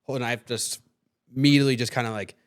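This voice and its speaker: A man's voice: mid-range voice, steady tone, fast talker. A young man hosting a podcast, telling a story in casual chat, swearing freely and acting out the voices of people he quotes. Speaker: podcast host.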